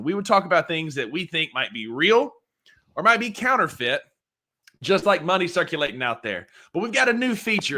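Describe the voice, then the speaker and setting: A man's voice: a little high, sharp tone. A man co-hosting a sports show in an upbeat, chatty way. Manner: upbeat, chatty, explains at length. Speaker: podcast co-host. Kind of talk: casual sports talk.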